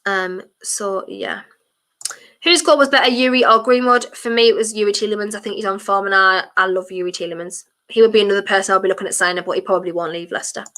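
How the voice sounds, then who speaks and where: A woman streaming a football watchalong, chatting her opinions and breaking into shouts at fouls. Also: mid-range voice, fairly even intonation, quick pace. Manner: passionate, blunt, chatty opinions. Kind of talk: live match commentary and fan chat.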